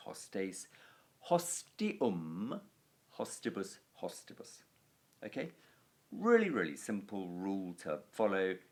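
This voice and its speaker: A man's voice: low voice, a bit bright. A man teaching a recorded Latin grammar lesson, patiently chanting noun endings and checking in with a frequent "okay".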